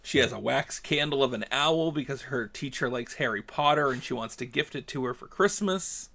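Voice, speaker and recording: A man's voice: mid-range voice, normal speed, creaky. A man on a podcast, casually telling a story and acting out the dialogue with rising animation. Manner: animated, acts out dialogue, gets heated. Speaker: podcast host.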